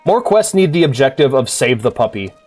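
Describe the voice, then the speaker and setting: Excitable young man streaming a game. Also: mid-range voice, fairly quick, faint music behind. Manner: excitable, swears freely, laughs a lot. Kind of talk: casual gameplay commentary.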